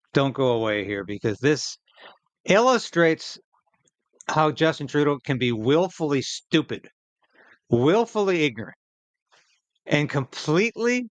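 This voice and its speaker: Brief: Canadian man, sarcastic and indignant commentary host, raised voice with lively swings, dry close mic. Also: fairly high pitch, dry recording. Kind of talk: angry political commentary over clips.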